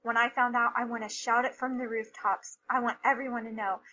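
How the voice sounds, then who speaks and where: A middle-aged woman telling a personal story as a mother, emotional and halting, with many restarts. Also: a little high, flat delivery, pushed and bright, muffled recording.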